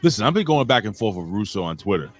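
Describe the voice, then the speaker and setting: A wrestling podcast host with a lowish voice talks fast with big pitch swings. He jokes around casually, shouts out names from the live chat, and swings between loud and quiet.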